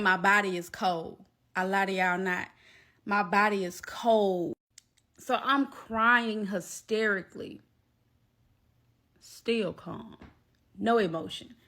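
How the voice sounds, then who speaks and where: Animated woman telling a story. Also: mid-range voice. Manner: animated, emphatic, addresses viewers directly. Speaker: storytime vlogger. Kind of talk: storytime vlog.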